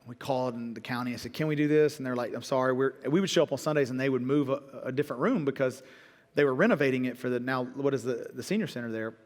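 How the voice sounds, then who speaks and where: A middle-aged man, a pastor telling stories in a sermon, lively and joking at his own expense. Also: mid-range voice, long reverb tail. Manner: lively storytelling with self-deprecating jokes. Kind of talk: sermon storytelling. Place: church auditorium.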